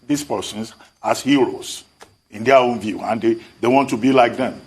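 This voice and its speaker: A man news anchor asking a guest a polite, measured question on a TV interview. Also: medium pitch, a little mellow.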